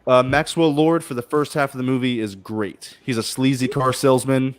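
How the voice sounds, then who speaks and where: A man's voice: mid-range voice, steady tone, moderate pace, smooth. Blunt man on a livestream panel. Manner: blunt, hyperbolic, stumbles and restarts. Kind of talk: casual chat.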